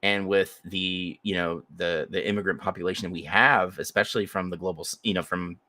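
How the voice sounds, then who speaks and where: A man's voice: low-pitched, fairly even intonation, a little fast, sharp tone, dry recording. A man co-hosting a podcast who chats casually in an emphatic, profane and sarcastic way. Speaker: podcast co-host. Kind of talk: casual chat.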